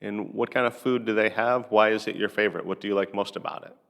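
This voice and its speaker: Low gravelly man asking practice questions. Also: steady tone, fairly bright tone. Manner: measured, pausing between questions. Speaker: English teacher.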